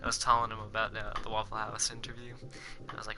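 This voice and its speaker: A young man hosting a casual podcast chat, rambling and profane, with frequent animated bursts. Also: fairly low pitch, quick pace, heavy background noise. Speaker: podcast host.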